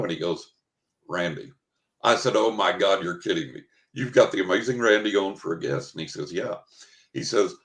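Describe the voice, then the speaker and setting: A man's voice: lowish voice, animated, fairly quick. An older man, a psychic guest in an interview, telling an anecdote casually and acting out the quoted dialogue. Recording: roomy echo.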